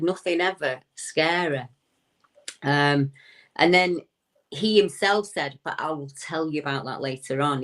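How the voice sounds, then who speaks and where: A woman, a returning guest recounting a strange story in a chatty way with frequent hesitations. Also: low-pitched. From United Kingdom.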